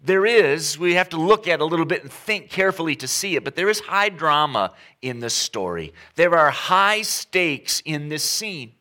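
A male pastor delivers a sermon from prayer into storytelling. His voice is bright and clear, and his pitch swings widely as he builds each point. He repeats key phrases for emphasis. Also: animated, normal speed, hardly any pauses.

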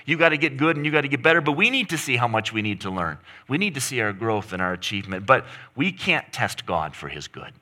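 With a sharp tone and medium pitch, a middle-aged pastor preaches emphatically. His voice climbs and falls to stress each point of the sermon.

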